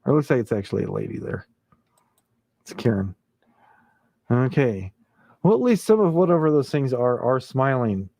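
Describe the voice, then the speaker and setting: A man's voice: medium pitch, very animated, moderate pace, gravelly, long pauses, dark tone, no echo. A man hosting a casual late-night livestream, chuckling often and reading viewer comments aloud. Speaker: livestream host.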